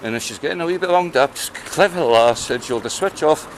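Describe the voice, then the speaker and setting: A man's voice: a little high, a little fast. A Scottish man working as a dog trainer, chatting casually outdoors while training a dog on a town street. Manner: relaxed, chatty, coaxing commands to the dog. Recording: street noise behind the voice.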